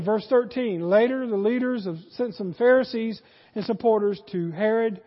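A man preaching a sermon, animated, rising in force and then dropping low for emphasis. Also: long reverb tail, highs cut off. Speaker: pastor.

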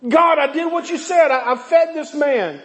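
A man's voice: extremely high pitch, moderate pace, fairly bright tone, long reverb tail, voice pushed up. A man voicing a grieving widowed mother who protests and pleads in anguish.

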